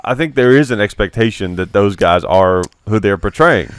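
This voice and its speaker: A man's voice: fairly low pitch, lively intonation, moderate pace, smooth, no room sound. A young man co-hosting a podcast, chatting casually and thinking aloud with many restarts. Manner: talks in restarts and fillers, reasoning aloud. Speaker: podcast co-host. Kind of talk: casual chat.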